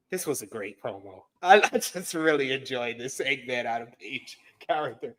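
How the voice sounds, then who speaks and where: A man's voice: medium pitch, normal speed, hardly any pauses, fairly bright tone. A man co-hosting a wrestling review show, reading a blunt, wry recap of the episode.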